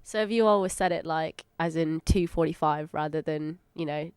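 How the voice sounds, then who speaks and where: A woman's voice: sits low, moderate pace, darkish tone, smooth, no echo, studio quality. A woman interviewing a guest for radio, friendly and a little hesitant. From England. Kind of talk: casual interview chat.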